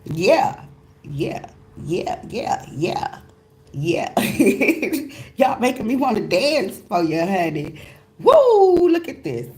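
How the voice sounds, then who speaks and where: A woman giving a casual, motivational tarot reading as host of her channel, talking emphatically with slang, repeated phrases and excited exclamations. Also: medium pitch, slow pace. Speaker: tarot reader.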